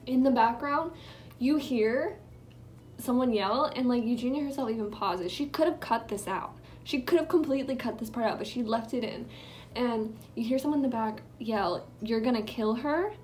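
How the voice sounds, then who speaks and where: A young vlogger with a voice on the high side talks as she applies makeup indoors at home. Her chat rambles and leans on fillers, occasionally dropping to a whisper, with slight background noise.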